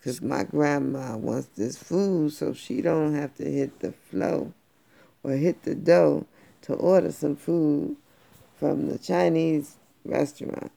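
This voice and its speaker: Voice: mid-range voice, slow pace, gravelly, warm tone, heavily acted. A parent voicing a sassy little girl in a red hood who sings a sing-song tune and talks back.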